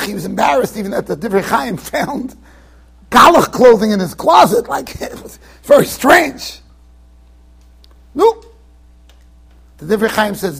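A man, a rabbi giving a Torah class in a yeshiva, telling a story in a lively, chatty way with asides to his students. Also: very high voice, creaky, slightly rough. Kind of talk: storytelling lecture. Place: yeshiva study hall.

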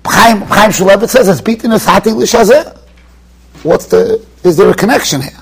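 Rabbi w/ giving a torah class, really high voice that jumps all over, emphatic storyteller. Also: male voice, lively intonation, moderate pace, vocal fry, husky, poor audio. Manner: emphatic storytelling, mixing Yiddish and Hebrew terms. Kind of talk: yeshiva Torah lecture. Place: study hall in a yeshiva.

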